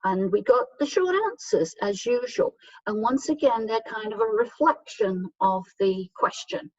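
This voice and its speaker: Patient woman English teacher, slows down for example sentences; dull, far-off mic in a dry room. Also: mid-range voice, animated, a little mellow, no echo. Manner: patient, explains step by step, often checks with "okay?"; reads example sentences slowly and clearly. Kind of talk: grammar lesson for learners.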